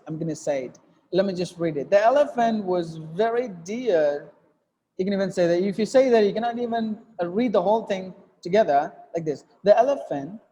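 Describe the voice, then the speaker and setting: A man's voice: high voice, warm tone, long reverb tail, dull audio. A man teaching an English lesson to a class, explaining step by step with fillers and repeated phrases. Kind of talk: classroom lesson on reading aloud. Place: classroom with students.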